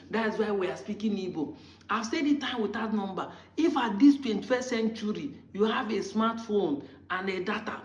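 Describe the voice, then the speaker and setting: Man, Nigerian accent, impassioned commentary, rhetorical questions, muffled lo-fi sound. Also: high voice. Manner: argumentative, fires rhetorical questions at critics. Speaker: political commentator. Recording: roomy, dull lo-fi recording.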